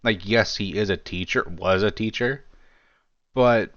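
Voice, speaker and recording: Male commentary creator, slow deep-ish delivery, casual rambling, muffled lo-fi sound. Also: fairly bright tone, no echo. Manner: rambling, heavy on fillers like "you know" and "like"; wry, self-deprecating asides. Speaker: true-crime commentary creator. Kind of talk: casual video commentary reading chat logs.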